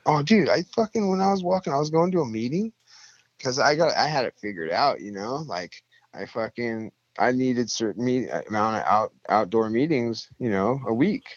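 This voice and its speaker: A young man telling a rambling, profane story in a casual chat, jumping up in pitch when he quotes people. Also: lively intonation, normal speed, dry recording, dull audio.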